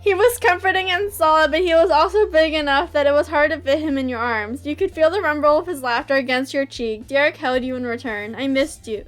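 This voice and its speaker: A woman reading a visual novel aloud and reacting, excitable and gushing, often shrieking with delight. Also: sits high, brisk, few pauses, soft background music.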